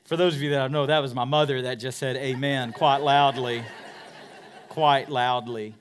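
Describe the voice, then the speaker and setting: A man preaching a sermon as pastor of a church, dropping to whispers and rising to loud peaks. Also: mid-range voice, steady tone, normal speed, a little hiss or hum. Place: church in a converted warehouse.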